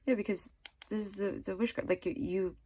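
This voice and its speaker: Reading tarot cards in a casual, spiritual session, a woman chats and rambles with plenty of fillers and restarts, earnestly pushing the listener along with mildly scolding encouragement. Her husky, dark voice is mid-pitched and steady, delivered a little fast.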